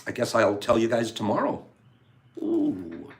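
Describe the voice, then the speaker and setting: Playful male livestream host, lively pitch. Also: unhurried, a little hiss or hum. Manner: playful, teasing, chatty with viewers. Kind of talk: casual livestream chat.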